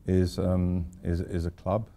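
A man's voice: deep voice, completely flat delivery, unhurried, creaky, dark tone, a little hiss or hum. An older man, an architect giving an informal lecture, rambling through anecdotes with wry asides.

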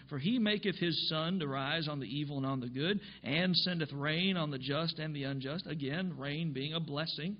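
A man pastor preaching a sermon emphatically, reading scripture aloud and explaining it. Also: fairly high pitch. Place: church. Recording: dull lo-fi church recording.

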